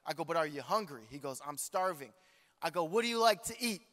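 A preacher man tells a story from the pulpit in a lively, joking way, calling out to his congregation. His voice is bright and forward. It rings out with the long reverb of a large church hall. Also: fairly high pitch, brisk. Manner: animated, joking, talks to the congregation. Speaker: pastor. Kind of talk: storytelling sermon.

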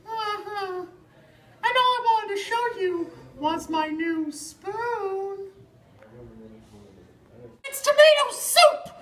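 A woman voicing a manic, squeaky male cartoon mouse in a student comedy sketch, shrieking and rambling. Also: expressive, takes it slowly, a bit bright, heavily acted, poor audio. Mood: sulky.

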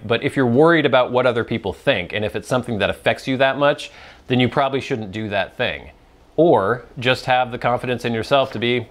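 A man's voice: medium pitch, a little fast. A man hosting a casual solo show, answering viewer questions in a rambling, self-deprecating, conversational way. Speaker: host.

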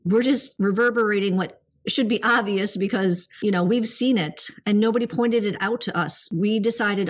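A woman's voice: mid-range voice, normal speed, hardly any pauses. A middle-aged woman co-hosting a spiritual podcast, talking earnestly in a rambling casual way with many fillers. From United States. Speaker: podcast co-host.

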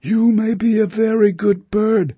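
A man's voice: high-pitched, steady tone, measured pace, dark tone, slightly rough, no echo, voice pushed up. A man reading a storybook voices a stern farmer who refuses to let a bird go. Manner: firm, matter-of-fact. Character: stern male farmer, unmoved.

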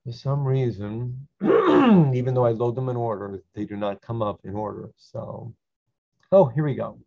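A man teaching a slow Hebrew reading lesson, patiently repeating each syllable so learners can follow. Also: mid-range voice, sing-song, gravelly, a little mellow. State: clearing his throat. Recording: dull lo-fi sound.

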